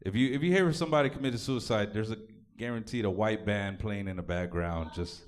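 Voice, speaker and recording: A man from Oak Cliff, Texas, performs a stand-up set on a comedy club stage, crude and profane in his offhand delivery. His voice is lowish and his pace brisk.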